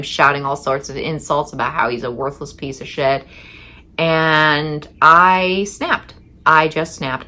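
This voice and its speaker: A young woman telling a candid, profane personal story in casual chat, with halting restarts and quoted asides. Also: low-pitched, pushed and bright.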